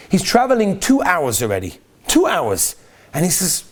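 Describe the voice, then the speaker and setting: Male rabbi, Torah class, animated storyteller, somewhat high voice that swoops widely. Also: normal speed. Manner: animated storyteller, acts out the characters.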